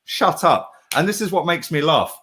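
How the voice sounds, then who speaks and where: Brash middle-aged bloke, lively swings in pitch, sweary street slang, casual chat. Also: male voice, moderate pace.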